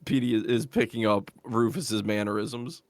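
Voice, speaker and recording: A man's voice: fairly low pitch, normal speed, dry recording, studio quality. Jokey man playing a tabletop game. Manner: laughs a lot, lively and jokey. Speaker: player. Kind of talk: casual tabletop role-play.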